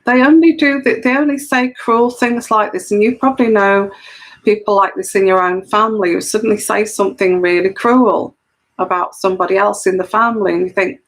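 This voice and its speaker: A woman's voice: mid-range voice, fairly even intonation, a little fast, poor audio. A woman who reads tarot, talking earnestly to camera and explaining her point, often repeating phrases for emphasis. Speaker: intuitive tarot reader. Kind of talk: solo camera monologue of personal commentary.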